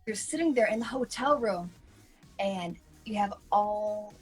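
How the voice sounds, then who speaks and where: A woman co-hosts a casual online chat, spinning stories with lively ups and downs. She slips into voices for the people she quotes. Faint music sits behind her. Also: medium pitch, a little slow, slightly rough, poor audio. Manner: animated storyteller who acts out quoted voices. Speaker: co-host.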